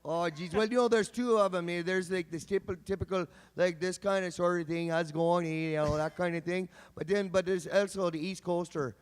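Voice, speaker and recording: A man from British Columbia, a voice actor chatting playfully on a convention panel with quick jokes. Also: high voice, fairly even intonation, smooth, in a large hall. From British Columbia, Canada. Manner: playful, joking, quick asides. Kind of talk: casual panel chat.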